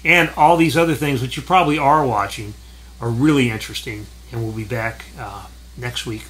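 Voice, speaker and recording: A man's voice: mid-range voice, moderate pace, fairly bright tone. A man hosting a casual film commentary, rambling and correcting himself as he talks about what he has been watching. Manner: rambling, self-correcting, chuckling asides. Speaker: film critic host.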